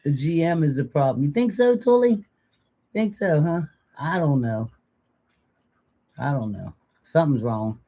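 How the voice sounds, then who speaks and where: A woman's voice: sits low, expressive, measured pace, pauses often, mellow. An older woman co-hosting a casual live chat, talkative and joking, rambling into long stories. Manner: chatty, joking, rambling storyteller. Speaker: co-host.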